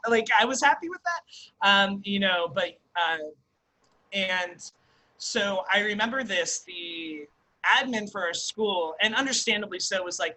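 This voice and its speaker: A young man in his twenties telling stories as a podcast guest, chatty and animated with lots of fillers. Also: high voice, low-quality recording. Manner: animated, fast storyteller full of likes and ums. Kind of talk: casual storytelling interview.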